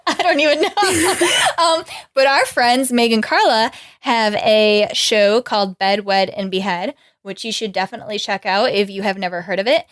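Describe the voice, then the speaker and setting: Woman, podcast co-host, casual chat, laughs a lot, slightly high pitch. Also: moderate pace, fairly bright tone. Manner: laughs often, rambling and self-correcting.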